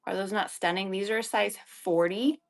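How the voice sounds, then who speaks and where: A woman's voice: mid-range voice, steady tone, moderate pace, vocal fry. A woman hosting a live shopping stream, chatting in an upbeat way as she shows off shoes and sets prices. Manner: chatty, upbeat selling patter. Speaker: live-selling host.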